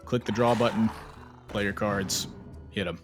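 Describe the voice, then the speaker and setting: A man casting a card game tournament live, chatty and prone to sudden high exclamations. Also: unhurried, music in the background. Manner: excitable, jumps into high exclamations. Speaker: esports caster.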